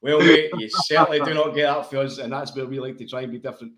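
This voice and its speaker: Speaking fast in a steady, mid-range, somewhat bright voice, this Glaswegian co-host chats casually about football on a podcast. He's blunt and friendly and swears plenty, pub-style, recorded in an echoey room.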